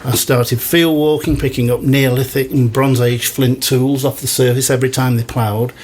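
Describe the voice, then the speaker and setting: A man's voice: mid-range voice, flat delivery, moderate pace, a little mellow, a little hiss or hum. A man in his sixties from the Greater Manchester area, a guest historian telling long, enthusiastic stories in a casual radio interview. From Greater Manchester, England. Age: 60s. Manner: enthusiastic storyteller, long flowing answers.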